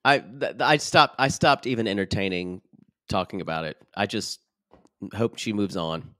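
A man's voice: fairly low pitch, normal speed, dry recording, clean studio sound. A man co-hosting a casual podcast, chatting and laughing as he recaps a reality show. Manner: animated, laughs often, acts out quotes. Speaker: podcast co-host.

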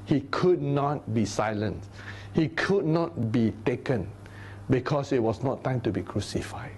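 A man teaching a Bible study sermon, animated, sometimes dropping into low, grave tones. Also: slight background noise. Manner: animated, acts out crowd voices in a raised voice; drops to low, grave tones for solemn points.

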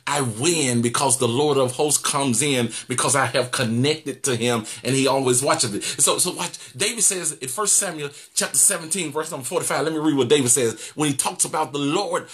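A man pastor preaching an animated sermon, repeating phrases and laughing as he goes. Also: medium pitch, normal speed, few pauses.

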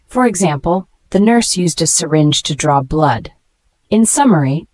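A woman reading a scripted vocabulary lesson, spelling each word letter by letter and slowing down to pronounce it, with praise for the learner between words. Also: sits low, no echo. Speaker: English vocabulary teacher.

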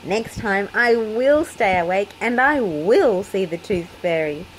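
A woman's voice: medium pitch, expressive, takes it slowly, slight background noise, rough recording. A woman voicing a cheerful little girl piglet from a children's storybook, with squealy giggles. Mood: excited.

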